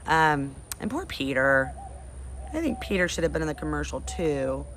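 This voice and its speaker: Woman teacher, storybook read-aloud, lowish, friendly, faint room noise. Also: big pitch swings, normal speed, fairly bright tone. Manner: friendly, chatty sign-off. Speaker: teacher reading to class.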